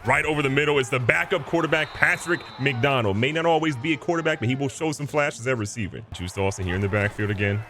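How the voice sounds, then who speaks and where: A young man giving excited, joking commentary over a football video game, jumping to sudden high yelps when a play goes wrong. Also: fast talker, hardly any pauses, slight background noise. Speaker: gaming YouTuber.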